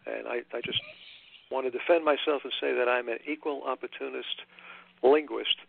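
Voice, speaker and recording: An older man from Long Island, an author being interviewed, talking in a halting way with many restarts and fillers. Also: mid-range voice, vocal fry, no room sound. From Long Island, New York. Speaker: author guest. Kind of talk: casual interview chat. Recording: tinny phone line.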